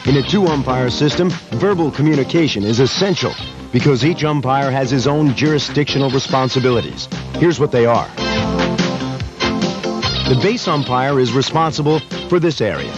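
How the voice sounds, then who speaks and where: A man reading scripted voice-over narration for an instructional video in a measured, even way. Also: medium pitch. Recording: lo-fi old video voice-over with loud music.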